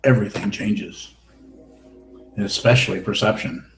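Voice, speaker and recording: Heard in a roomy hall with faint hiss, a man with a fairly low pitch speaks at a moderate pace. He's a Buddhist teacher delivering a dharma talk and answering questions bluntly, wryly and with teasing.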